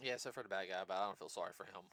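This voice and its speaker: A man's voice: deep voice, rapid-fire, pushed and bright, no room sound. A man hosting a casual podcast, rambling through his points with plenty of fillers and restarts. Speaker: podcast host.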